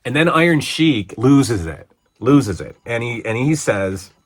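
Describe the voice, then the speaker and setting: A man's voice: medium pitch, sing-song, measured pace. A man hosting a casual wrestling review show, rambling along with amused asides and many restarts.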